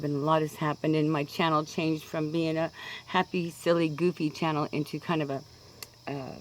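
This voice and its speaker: A woman's voice: deep voice, low-quality recording. Woman, 60s, Kansas accent, casual chatty vlogger who wanders off topic; recorded outdoors with faint insect noise. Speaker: pipe-smoking vlogger. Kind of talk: casual rambling monologue.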